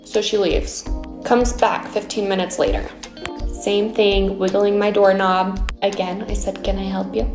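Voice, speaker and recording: A woman casually recounting a story for a storytime video, incredulous and animated. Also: medium pitch, a little slow, music in the background. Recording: echoey room.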